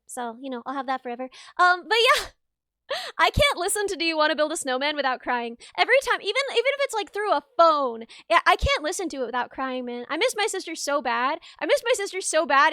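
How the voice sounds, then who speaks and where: A bubbly, excitable woman chats casually with her live stream viewers from a home setup. Her voice sits high and bright. Faint banjo music plays softly behind her. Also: dry recording, clean studio sound. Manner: bubbly and excitable, quick to gush and laugh.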